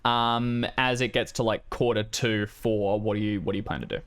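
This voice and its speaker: A man's voice: fairly low pitch, fairly even intonation, moderate pace, fairly bright tone, smooth. A man running a tabletop game as game master, narrating casually with many fillers.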